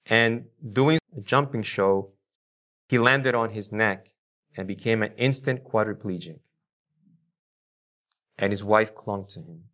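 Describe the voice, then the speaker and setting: A man preaching a sermon to a congregation, with emphatic swings between loud declarations and quiet low lines, and questions put to the listeners. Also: a little slow, long pauses. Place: church before a congregation.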